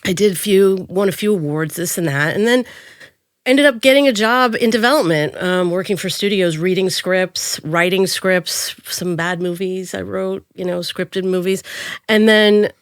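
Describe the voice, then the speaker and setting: A woman in her thirties tells her career stories as a guest, lively and quick to act out what others said in a higher voice. The sound is close and dry, with no room around it. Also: smooth, dry recording. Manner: animated, acts out quotes in a higher voice. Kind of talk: storytelling in an interview.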